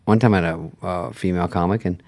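A middle-aged man, a late-night host guesting on a podcast, talks quickly in a low-pitched voice on a dry recording. His casual storytelling is animated, with quotes performed in character.

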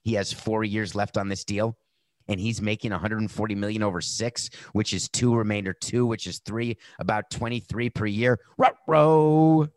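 A man hosting a sports betting podcast, talking casually and animatedly, jumping between loud outbursts and muttered asides. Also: on the low side, flat delivery, moderate pace, no room sound.

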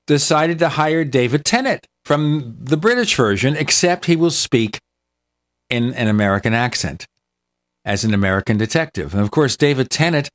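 A man hosting a tech talk show in casual, enthusiastic chat that wanders from point to point. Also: medium pitch. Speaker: show host.

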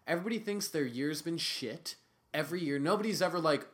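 A young man co-hosting a podcast, talking casually and sarcastically, jumping from loud bursts to low mutters. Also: fast. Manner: animated, sarcastic, swings from loud bursts to mumbling. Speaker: podcast co-host. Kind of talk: casual chat.

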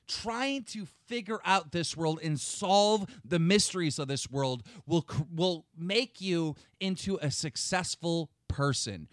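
A man's voice: a little high, expressive, unhurried, hardly any pauses, dry recording. Angry ranting man, dry close sound. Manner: angry, profane, lecturing. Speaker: show host. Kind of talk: heated podcast rant.

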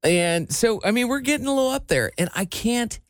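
Male co-host from Iowa, wry and teasing, lively mid-range voice, dry studio sound. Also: very high voice, a little fast, no echo. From small-town eastern Iowa. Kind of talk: casual radio show chat.

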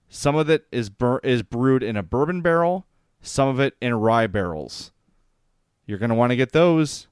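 A man's voice: medium pitch, lively intonation, moderate pace, smooth, dry recording, studio quality. A man hosting a hockey podcast, chatting enthusiastically and reading sponsor plugs. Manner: enthusiastic, chatty, gets choked up. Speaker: podcast host. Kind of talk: casual sports podcast chat with sponsor reads.

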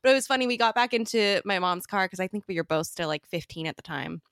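A woman hosting a podcast, chatting in a relaxed, casual way, laughing often and swearing offhandedly. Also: medium pitch, quick pace, no echo, studio quality. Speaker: podcast host. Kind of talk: casual chat.

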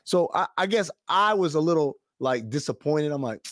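A man's voice: a little high, normal speed, no echo, clean studio sound. A man on a podcast, telling a story in casual chat, cursing freely and acting out what others said. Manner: animated storytelling, profane, quotes others in voices. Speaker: podcast co-host.

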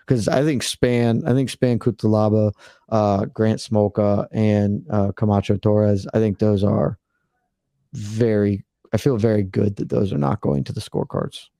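A man chatting casually as a panelist, measured and thinking aloud as he talks. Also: fairly low pitch, steady tone, creaky, warm tone, no echo, studio quality.

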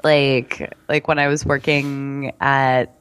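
A woman guest in a candid, casual conversation, frank and quick-witted with laughing asides. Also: rumbling low, flat delivery, clean tone. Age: adult.

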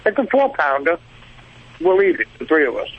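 A chatty Brooklyn-accented man calling in to a radio show. His voice is a touch high and comes through a dull, lo-fi phone line with faint noise behind it. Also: very animated, normal speed. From New Jersey. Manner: rambling, chatty. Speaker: caller, truck driver. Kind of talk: phone-in chat.

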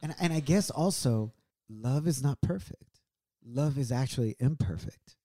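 A middle-aged man with a mellow, dark-toned voice shares a personal story on a podcast. He speaks in an earnest, reflective, conversational way, and his pitch sits in an ordinary middle range. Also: lively intonation, unhurried. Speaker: podcast co-host. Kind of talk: casual, heartfelt storytelling.

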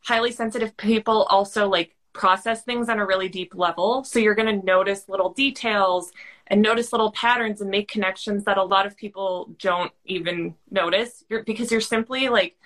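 A woman guest on a podcast explains a trait in easy conversational speech. Her voice is mid-pitched and ordinary, and her delivery is earnest and chatty, with frequent "like" fillers. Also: steady tone, moderate pace, fairly bright tone. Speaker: guest expert on high sensitivity.

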